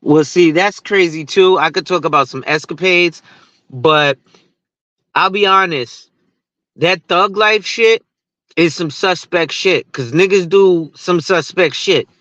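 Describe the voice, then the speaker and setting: A man's voice: high voice, slow, bright, forceful tone, no room sound, dull audio. A man who talks insurance on social media, ranting in a casual, profane and rambling way and laughing at his own stories. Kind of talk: casual rant to camera.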